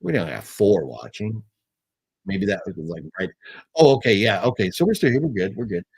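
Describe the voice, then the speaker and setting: Rambling, easygoing American livestream host. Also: male voice, lowish voice, lively intonation, moderate pace, creaky, slightly rough. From United States. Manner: rambling, many fillers and restarts, friendly. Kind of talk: casual live chat reading super chats.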